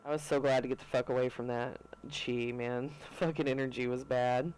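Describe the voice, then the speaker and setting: A man's voice: mid-range voice, fairly even intonation, brisk, a little mellow, smooth, low-quality recording. A man co-hosting a podcast, chatting casually and telling laid-back stories full of swearing. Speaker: podcast co-host. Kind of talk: casual chat.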